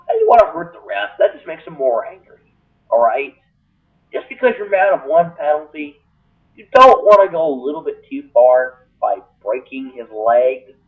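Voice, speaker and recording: A man ranting comically on a webcam, his voice leaping into shrill exaggerated bursts and swinging widely in pitch. He sits a little back from the mic, and the sound is thin and tinny, like a phone line. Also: far from the mic. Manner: exaggerated, jumps into shrill high-pitched outbursts. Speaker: comedy vlogger.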